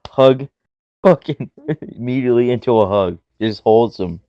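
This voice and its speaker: A man co-hosting a casual podcast chat, laughing often and swearing in animated bursts. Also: mid-range voice, moderate pace, no room sound, highs cut off. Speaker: podcast co-host.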